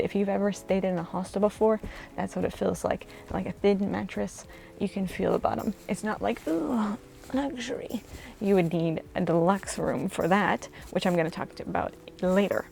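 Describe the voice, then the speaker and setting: A woman's voice: medium pitch, vocal fry, mellow. A woman vlogging a tour of a capsule hotel, chatty and informal, talking to a handheld camera indoors. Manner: chatty and informal, with frequent fillers. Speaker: travel vlogger. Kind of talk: casual vlog tour.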